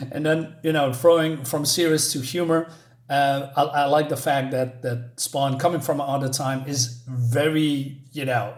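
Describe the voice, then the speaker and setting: Hesitant man retelling a comic. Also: medium pitch. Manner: hesitant, with many fillers and restarts. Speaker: comic book reviewer. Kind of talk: casual comic review vlog.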